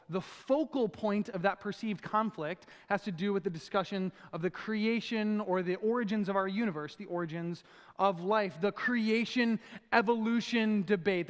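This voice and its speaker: A man with a high voice preaches to a church congregation in a casual, joking way. His words ring out with a long reverb from the large room. He keeps an easy, conversational tone throughout. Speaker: pastor. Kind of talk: sermon. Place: church auditorium.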